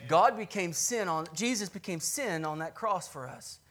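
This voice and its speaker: A man preaching a sermon with passion, telling scripture stories in a conversational way and swinging from loud, emphatic peaks to hushed, soft lows. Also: moderate pace. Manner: storytelling, retells scripture scenes conversationally.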